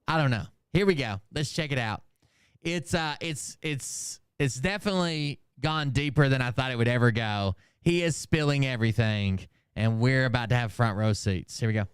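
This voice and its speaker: A man's voice: medium pitch, a little fast, clear, resonant tone, no echo, clean studio sound. A man hosting a commentary channel, talking casually and rambling, often losing track of names and swearing in asides. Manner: rambling and forgetful, loses names, profane asides.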